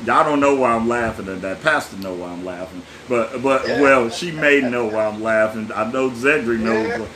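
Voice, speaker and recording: A man preaching a sermon as a pastor, folksy and lively, talking straight to his listeners with laughs and asides. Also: medium pitch, moderate pace, hardly any pauses.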